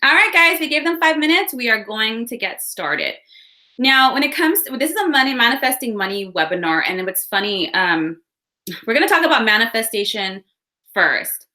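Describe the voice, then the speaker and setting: A woman's voice: on the high side, big pitch swings, moderate pace, bright, forceful tone. A woman hosting a live online workshop, chatting upbeat with viewers and greeting them by where they're from. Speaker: workshop host. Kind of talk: live webinar chat. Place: home room with window.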